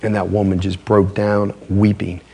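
Man, pastor, sermon, gravelly and husky voice, emphatic conversational preaching. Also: mid-range voice, unhurried, a little mellow.

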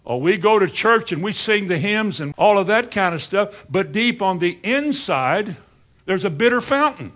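A man delivering a sermon in a fairly high voice. He peppers the congregation with rhetorical questions and slips into dry sarcasm. He drops into quiet asides, then climbs back up for emphasis. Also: very animated, normal speed. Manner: swings between quiet asides and rising emphasis. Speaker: preacher.

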